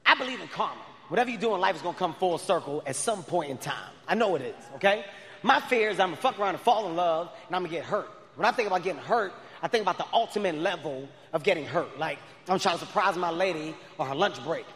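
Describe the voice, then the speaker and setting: High-voiced, excitable male comedian. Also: fast. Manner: loud, excitable storytelling. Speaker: stand-up comedian. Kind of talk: stand-up comedy. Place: large live comedy venue. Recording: live venue with long reverb and faint crowd noise.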